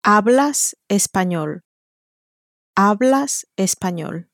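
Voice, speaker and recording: A woman's voice: medium pitch, animated, slow, dry recording, clean studio sound. A woman in an audio language lesson, modeling each answer by saying it twice. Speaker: native speaker modeling answers.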